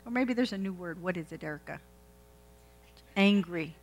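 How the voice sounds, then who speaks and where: Her voice is lowish and animated, moving at a normal speed as she preaches. She relates a scripture story in an easygoing, conversational style and questions the congregation, though the audio is poor.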